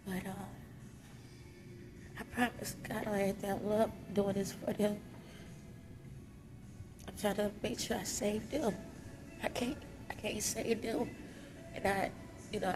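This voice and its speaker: A woman's voice: mid-range voice, steady tone, unhurried, pauses often, music in the background, low-quality recording. A woman with children, crying as she talks candidly about her pain to her viewers in a confessional vlog from a lobby. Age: adult with children. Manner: tearful, raw and candid, speaks in casual vernacular. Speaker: vlogger. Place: hotel lobby.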